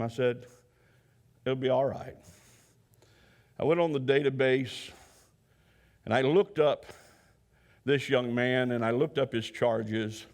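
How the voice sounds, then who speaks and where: A man's voice: medium pitch, slow, pauses often, a little mellow. Earnest man telling a story. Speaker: counselor. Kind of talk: storytelling talk.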